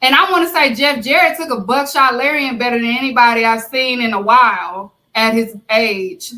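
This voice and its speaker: A woman hosting a podcast in casual chat, relaxed and filling pauses with ums and uhs. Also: on the high side, rough recording. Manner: relaxed, many fillers. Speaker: podcast host.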